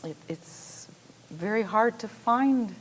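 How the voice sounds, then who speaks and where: A woman's voice: fairly high pitch, lively intonation, slow, slight background noise, poor audio. Hesitant woman speaking on a panel. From Manitoba, Canada. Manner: hesitant, with many fillers. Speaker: panel guest author. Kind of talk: panel discussion.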